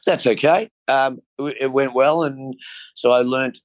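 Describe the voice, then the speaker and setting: A man's voice: medium pitch, steady tone, a little slow, no room sound. A man chatting casually about his week, rambling with lots of fillers. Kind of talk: casual chat.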